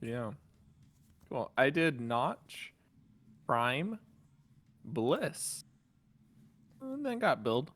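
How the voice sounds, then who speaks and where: A man co-hosting a casual podcast over a voice call, easygoing and quick to laugh. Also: mid-range voice, very animated, fairly bright tone. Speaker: podcast co-host. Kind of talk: casual chat. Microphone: remote call mic.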